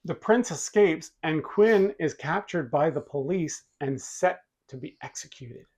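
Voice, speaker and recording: A man's voice: fairly high pitch, lively intonation, unhurried, darkish tone. A man co-hosting a podcast, reading out a plot recap with dry asides. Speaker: podcast co-host. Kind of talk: reading plot summary in casual chat.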